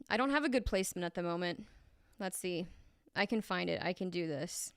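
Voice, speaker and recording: A woman singer chatting casually on a livestream between vocal takes, reading chat aloud and clearing her throat often. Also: fairly low pitch, animated, normal speed, no echo, clean studio sound. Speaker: singer streaming vocal tracking.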